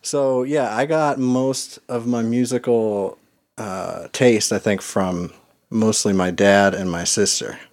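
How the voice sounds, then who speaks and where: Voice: medium pitch, fairly even intonation, takes it slowly, darkish tone. Dry-joking podcast co-host. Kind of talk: casual chat.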